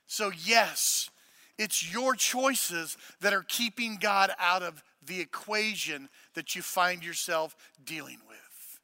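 A male pastor with a high, very bright and forceful voice. He preaches in a loose, joking way and then builds to loud, emphatic points. The sound is dry and close, with little room echo. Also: expressive, slow. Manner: casual, joking asides between preaching. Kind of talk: sermon.

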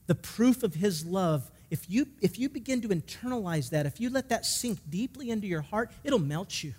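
A man's voice: sits high, a little mellow, long reverb tail. A male pastor preaching a sermon emphatically, asking the congregation questions and telling a story.

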